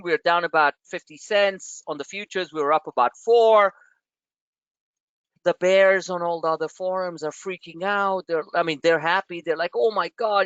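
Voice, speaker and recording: Coaching traders over a group video call, a high-voiced man delivers live market commentary in a brash, blunt, animated style, his pitch spiking at points of emphasis. The sound is lo-fi with no room sound.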